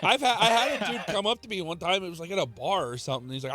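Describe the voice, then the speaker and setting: A man chatting casually on a live stream, relaxed and swearing easily as he tells stories. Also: on the high side, quick pace. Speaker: streamer co-host. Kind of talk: casual storytelling chat. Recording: music faint in background.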